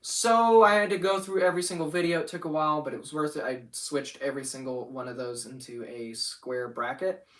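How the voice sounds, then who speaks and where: A man's voice: fairly high pitch, steady tone, a little fast, a bit bright, recorded from a distance. A young man rambling casually about his animation channel on a livestream, often getting sidetracked. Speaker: channel owner.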